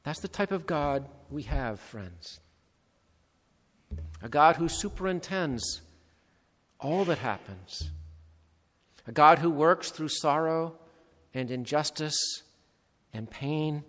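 A male pastor preaches with earnest emphasis, his voice sitting a little high for a man. Each phrase rings out with the long reverb of a large church hall. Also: lively intonation, slow, long pauses, fairly bright tone. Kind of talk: sermon.

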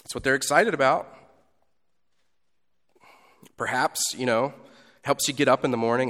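A pastor giving a sermon in a conversational style, moving between loud emphasis and quiet asides. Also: male voice, medium pitch, unhurried, long pauses, big-room sound.

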